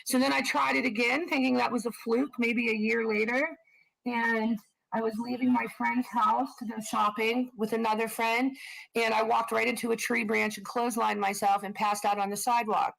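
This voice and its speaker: A woman co-hosting a live stream, telling frank, animated personal stories and swearing for emphasis. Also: on the high side, normal speed, gravelly, low-quality recording. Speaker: co-host of a live stream channel. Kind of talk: casual storytelling on a live stream.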